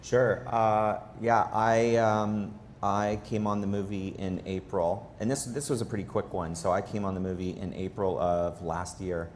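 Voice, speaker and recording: A man's voice: fairly low pitch, steady tone, a little slow, hardly any pauses. A man, a film director, answering audience questions thoughtfully with many "um" and "uh" fillers. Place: auditorium with live audience. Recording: long hall reverb, faint noise.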